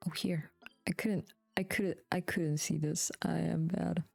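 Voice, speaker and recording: A woman's voice: on the low side, steady tone, unhurried, gravelly, darkish tone, dry recording, soft background music. A woman streamer giving casual, chatty gameplay commentary with mumbled asides and swearing.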